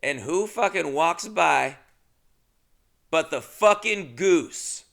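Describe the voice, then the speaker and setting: Gravelly man telling a rambling story. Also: on the high side, expressive, slow, a bit bright. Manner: acts out both sides of dialogue, rambling and self-deprecating. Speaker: podcast host. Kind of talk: comedic storytelling monologue.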